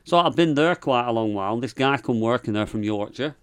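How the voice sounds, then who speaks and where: A man's voice: mid-range voice, lively intonation, brisk, clean tone. A middle-aged man from England with a Lancashire accent, chatting casually as a podcast guest and telling rambling stories in northern dialect. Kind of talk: casual chat.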